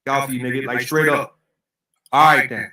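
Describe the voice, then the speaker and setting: A man in a heated livestream argument, profane and quick to cut in, insisting he is calm. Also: mid-range voice. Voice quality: fast, profane, keeps cutting in. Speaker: streamer being confronted. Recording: echoey, distant from the mic.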